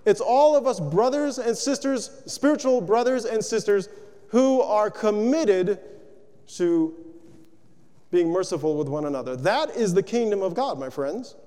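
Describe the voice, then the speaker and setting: A man with a high, mellow voice delivers a sermon to his congregation. He talks it through casually, asking question after question. His words ring out with the long reverb of a hall. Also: measured pace. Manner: asks rhetorical questions, conversational and animated. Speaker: preacher.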